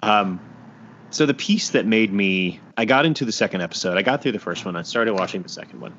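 A man's voice: on the low side, expressive, brisk, a bit bright, slight background noise. A man hosting a casual chat, retelling scenes bluntly with dry asides. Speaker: podcast host. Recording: dull lo-fi sound.

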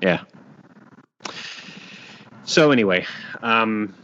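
Host, male, lower register, blunt dry delivery, muffled lo-fi recording. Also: expressive, drawn-out words, fairly bright tone. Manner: dry, blunt storytelling with quoted asides. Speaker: podcast host. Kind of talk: casual chat. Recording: dull lo-fi sound.

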